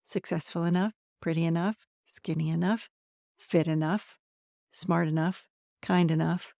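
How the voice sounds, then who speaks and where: Woman in her forties, low voice with gravelly fry, candid and laughing often, solo podcast talk, close dry mic. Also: fairly even intonation, normal speed, dark tone, no echo. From central Pennsylvania. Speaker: podcast host, somatic transformation coach.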